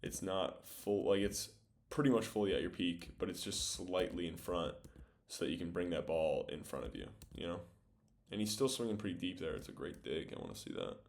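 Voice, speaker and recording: A man's voice: low-pitched, expressive, fairly quick, vocal fry, hardly any pauses. A young man casually breaking down volleyball game film, thinking aloud with lots of fillers as he goes. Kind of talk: casual video breakdown commentary.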